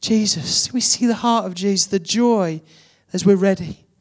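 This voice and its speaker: A man's voice: high voice, moderate pace. A man preaching a sermon, building to emphatic repeated questions.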